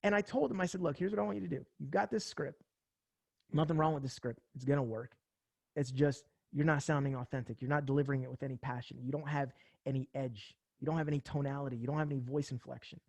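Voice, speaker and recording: Young male sales coach from New Jersey; pumped-up, casual pitch, slight fry, dry recording. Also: fast, dry recording. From central New Jersey. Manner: energetic, casual slang, acts out phone calls. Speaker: sales trainer. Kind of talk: motivational sales talk.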